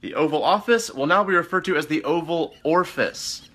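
A man's voice: on the high side, lively intonation, a little fast, fairly bright tone. A man in a comedy sketch, reading a list aloud in a polite, flustered way.

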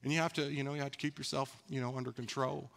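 A man's voice: medium pitch, level tone, fast talker, creaky, fairly bright tone. A man preaching a sermon as pastor in a church, talking candidly and conversationally, laughing at himself. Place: church sanctuary.

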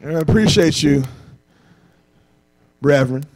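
A man voicing a blunt, weary fisherman, speaking low in a frustrated mutter. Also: takes it slowly, a little mellow.

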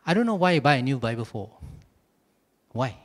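A man preaching a sermon at a church service, telling his points as animated, humorous stories. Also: medium pitch, a little fast. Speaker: pastor.

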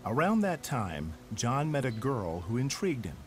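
A man reading the scripted narration of a documentary in a measured storytelling voice. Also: medium pitch, sing-song, slight background noise.

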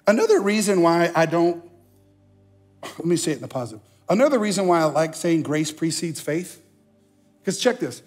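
A man preaching a sermon as pastor, animated, slowing down to stress key phrases and slipping into mock voices. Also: sits high, breathy edge. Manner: slows down for emphasis on key phrases. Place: church sanctuary.

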